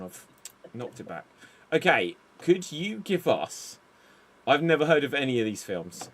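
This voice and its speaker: A man hosting an improv game, calling time and joking with wry, unhurried banter. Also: medium pitch, a bit bright. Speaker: improv show host.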